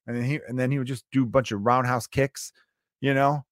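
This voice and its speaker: A man's voice: medium pitch, little pitch movement, brisk, dry recording, studio quality. A man in his thirties hosting a comedy podcast, riffing in a profane, joking monologue. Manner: profane, riffing, mock impressions.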